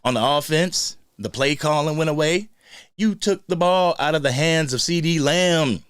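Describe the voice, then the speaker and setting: A man's voice: on the high side, moderate pace, clear, resonant tone, dry recording, clean studio sound. A man hosting a casual live fan stream, greeting viewers in the chat by name. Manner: animated, shouts out viewers in the chat. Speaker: host of a live fan show.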